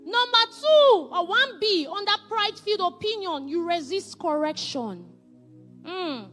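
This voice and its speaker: A woman, giving a faith-based marriage teaching with animated, emphatic repetition. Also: high-pitched, measured pace, faint music behind.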